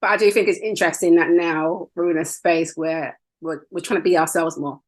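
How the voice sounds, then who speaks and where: Fast-talking woman host, husky. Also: fairly low pitch. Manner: warm, affirming, quick and animated. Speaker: podcast host. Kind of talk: conversational interview.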